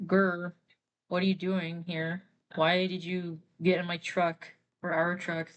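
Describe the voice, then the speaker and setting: A woman voicing a gruff, grumbling male fighter who growls his complaints. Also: fairly low pitch, flat delivery, slow pace, rough recording. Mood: annoyed.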